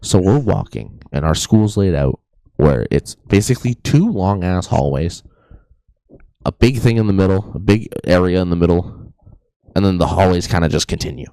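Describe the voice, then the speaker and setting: A man's voice: low voice, animated, moderate pace, vocal fry, warm tone, no echo. A young man co-hosting a podcast, telling a story in a joking, rambling way and often saying "anyways". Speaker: podcast co-host. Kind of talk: casual storytelling chat.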